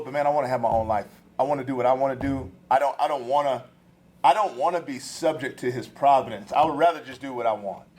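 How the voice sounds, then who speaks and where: A man giving a storytelling sermon to college students, casual and slangy, animated as he tells stories from his family life. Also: mid-range voice. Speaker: guest speaker at a campus ministry. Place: live talk to students.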